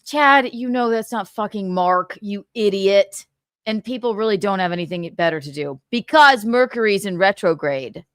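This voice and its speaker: A woman's voice: mid-range voice, lively intonation, normal speed, a bit bright, clear, resonant tone, no room sound, studio quality. A woman hosting a gossip livestream, mocking and insulting with frequent laughs. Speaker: livestream host.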